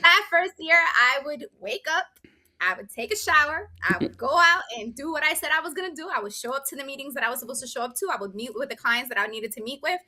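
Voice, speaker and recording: A woman, a business owner being interviewed, telling her story in an animated, emphatic way. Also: sits high, fast. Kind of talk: casual interview chat.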